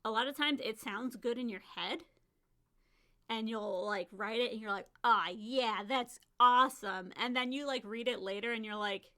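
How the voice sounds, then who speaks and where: A woman's voice: fairly high pitch, normal speed, fairly bright tone. A woman hosting a casual solo podcast about writing, chatty, often laughing and acting out her own lines. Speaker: podcast host and author.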